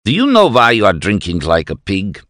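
A man's voice: on the low side, huge pitch swings, fairly quick, a bit bright, no room sound, clean studio sound. A man doing a stern, indignant old professor. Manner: stern, scolding, formal. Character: indignant small older male professor.

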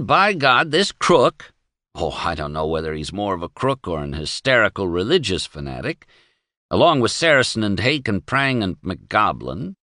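A man's voice: mid-range voice, a bit bright, no echo, studio quality, pitched above the performer's own voice. A man voicing a wry, worried newspaperman arguing sardonically in an audiobook.

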